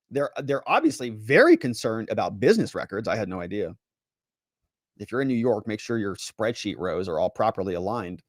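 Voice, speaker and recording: A man who is a lawyer hosting a livestream, giving sarcastic, animated commentary and reading viewer chat aloud. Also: medium pitch, no echo, clean studio sound.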